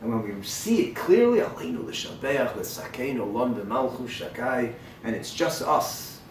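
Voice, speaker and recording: A male rabbi teaching a sermon-style class who quotes verses and translates them, swinging between loud emphatic lines and quiet hushed ones. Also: medium pitch, very animated, unhurried, creaky. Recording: echoey room, mic far off, faint noise.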